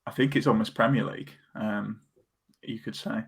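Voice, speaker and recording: A man's voice: on the low side, fairly even intonation, normal speed, gravelly, slightly rough. A man co-hosting a casual football podcast, chatty and self-deprecating, with lots of fillers. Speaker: podcast co-host.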